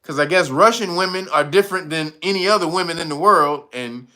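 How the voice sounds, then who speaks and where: A man's voice: on the high side, brisk, sharp tone. A man hosting his own channel, giving mocking comedic commentary, laughing often and swearing freely. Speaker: channel host.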